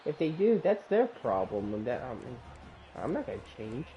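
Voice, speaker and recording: A woman's voice: a bass voice, big pitch swings, normal speed, highs cut off, a little hiss or hum. A woman in casual chat, talking brash, defiant trash talk with swearing.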